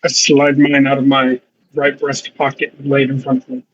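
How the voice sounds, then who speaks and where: A man's voice: mid-range voice, completely flat delivery, moderate pace, slightly rough, no echo, muffled recording. A man playing a tabletop game, casually describing his character's actions. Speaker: player. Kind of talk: tabletop role-play.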